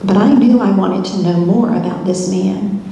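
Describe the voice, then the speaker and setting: A woman's voice: mid-range voice, normal speed, mellow, a little hiss or hum, close to an everyday voice. A woman pastor playing a curious, searching Roman governor's wife in a first-person church monologue, asking many wondering questions. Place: church sanctuary. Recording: echoey church hall.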